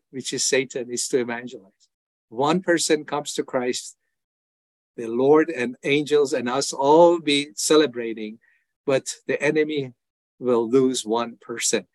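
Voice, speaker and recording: A man's voice: mid-range voice, measured pace, no room sound. An older man from Iran, an evangelist giving an earnest personal testimony in an interview, acting out his prayers as dialogue. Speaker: evangelist guest.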